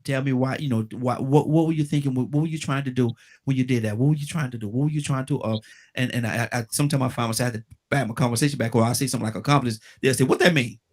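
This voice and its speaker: An older man hosting a call-in radio talk show, speaking earnestly, repeating words and dropping his voice low and calm to make a point. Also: racing.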